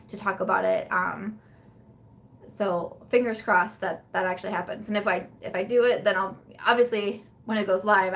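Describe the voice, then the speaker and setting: A woman's voice: mid-range voice, a bit bright, a little hiss or hum. Young woman, tired, chatty live-stream host; rambling, casual home-camera delivery. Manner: chatty and rambling, with frequent fillers, restarts and laughs. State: tired, yawning. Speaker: beauty vlogger hosting a live chat.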